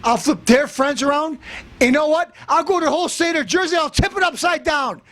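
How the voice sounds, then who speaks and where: High-pitched blustering man ranting. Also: fairly quick, slight background noise. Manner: boastful, blustering, threatening to beat people up; bursts into shouting. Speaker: comedy show host. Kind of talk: comic tough-guy rant.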